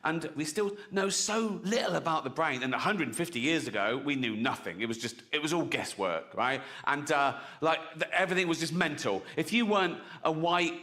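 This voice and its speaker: Brash stand-up comedian. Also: male voice, on the high side, a little fast, few pauses, pushed and bright. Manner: brash, punchy, chuckling at own jokes.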